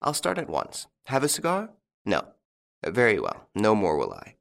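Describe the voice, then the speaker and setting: A man reading the part of a suave, mocking young gentleman thief in an audiobook, with a playful, teasing manner. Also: lowish voice, huge pitch swings, normal speed, creaky, exaggerated voice.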